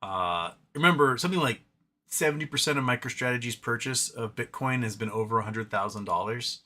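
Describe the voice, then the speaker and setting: Bright-voiced chatty male stream host. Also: medium pitch, brisk. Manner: rambling, chatty, talks to his cat. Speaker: livestream host reading chat. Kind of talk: casual live chat.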